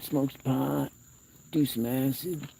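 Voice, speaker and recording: A man voicing a rowdy, party-loving raccoon gang in a high, goofy voice that eggs the others on. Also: steady tone, takes it slowly, gravelly, recorded from a distance. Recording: outdoor noise with crickets.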